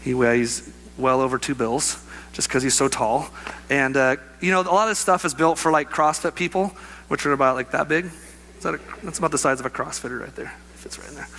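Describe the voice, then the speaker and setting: A young adult male pastor delivering a sermon with a bright, forceful tone and a voice that sits a touch high. He tells a personal story in an animated, conversational way, acting out the voices of other people.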